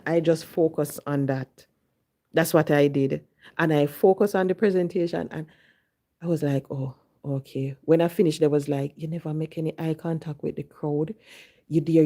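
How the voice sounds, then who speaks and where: This woman from Jamaica has a deep, warm voice and a Jamaican accent. Recounting something from her own life, she drops into Patois when repeating what she said.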